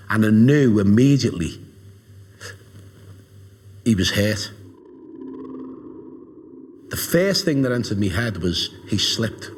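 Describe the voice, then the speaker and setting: Male witness, lowish voice, halting emotional testimony for a documentary. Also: a little hiss or hum. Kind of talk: documentary interview recollection.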